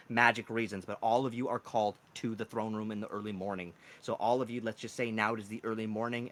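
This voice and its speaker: A man's voice: mid-range voice, a bit bright. A man narrating as dungeon master in a casual, rambling way. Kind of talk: narrating a tabletop game.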